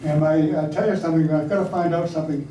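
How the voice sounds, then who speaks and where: Older man, anecdotal storyteller addressing an audience; mellow timbre, distant mic in an echoey room. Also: fairly high pitch, fairly even intonation, quick pace, a little hiss or hum. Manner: anecdotal, conversational, asks audience questions. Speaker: speaker recounting wartime service. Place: hall or meeting room with audience.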